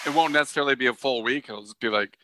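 A man in casual sports banter, lively and jokey, with quick asides. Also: mid-range voice.

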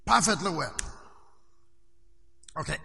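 This sermon comes from a male preacher whose high, very bright voice rings out, expressive and slow with a creaky edge. The church hall gives it a long reverb. Again and again he questions his congregation and prompts them to reply.

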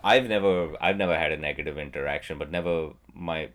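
A man's voice: a bass voice, fairly quick, a bit bright. A male comedian in casual chat on a podcast, rambling, self-deprecating and often restarting.

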